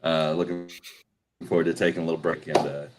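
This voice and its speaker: A man co-hosting a casual podcast, relaxed and joking. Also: a bass voice, fast talker. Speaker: podcast co-host. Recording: noisy mic with clicks.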